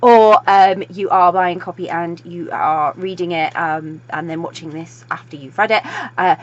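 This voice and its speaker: A young woman gushes about a book she loves, talking fast and breathlessly with plenty of fillers. Her voice sits on the lower side for a woman. The recording sounds dull and lo-fi. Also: fairly even intonation. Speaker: book reviewer. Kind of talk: excited video book review.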